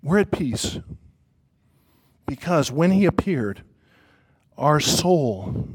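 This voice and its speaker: High-voiced preacher, emphatic sermon. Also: male voice, very animated, very slow, breathy edge. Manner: emphatic, repetitive, swings from loud to hushed. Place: church before a congregation.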